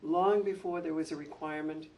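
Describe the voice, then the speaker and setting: A man's voice: fairly high pitch, brisk. An older man, a former school administrator, reminiscing with heartfelt stories at a public event. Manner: heartfelt storytelling, animated when telling anecdotes. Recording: distant mic with faint room noise.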